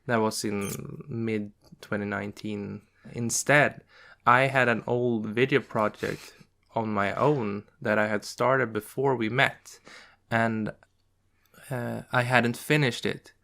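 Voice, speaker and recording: A person co-hosting a casual Q&A, telling the channel's backstory in a relaxed way. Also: mid-range voice, slow pace, creaky. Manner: relaxed, laughs between remarks. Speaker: co-host. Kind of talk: casual Q&A chat.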